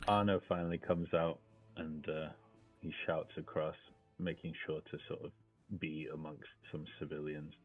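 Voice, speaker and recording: A man's voice: extremely low pitch, level tone, moderate pace, soft background music. A man playing a tabletop game, describing what his character does. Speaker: player. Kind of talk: narrating his character's actions. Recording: tinny phone-like line.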